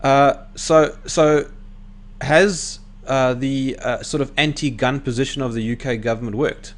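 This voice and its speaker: A man's voice: medium pitch, fairly even intonation, a little slow. A South African man hosting a casual interview, often stammering and restarting his sentences. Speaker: host. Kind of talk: casual video-call interview.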